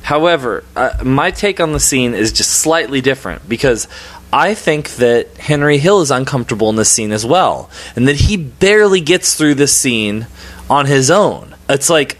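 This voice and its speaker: A man's voice: medium pitch, a bit bright. A man co-hosting a podcast, offering hesitant counterpoints in casual film talk. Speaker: podcast co-host.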